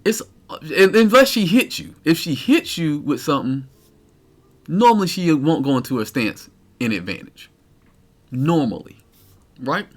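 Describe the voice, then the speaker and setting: A man's voice: a little high, measured pace, pauses often. A man streaming live, ranting in exasperated detail about a fighting game character. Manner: animated, incredulous, cursing.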